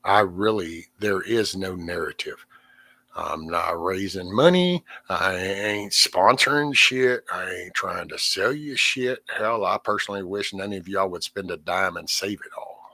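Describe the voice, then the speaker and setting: Venting casually to his livestream from home, a middle-aged host rambles, cusses a lot, and lets his words fade out. His voice sits low and sounds pushed and bright, his pace is unhurried, and there's no echo.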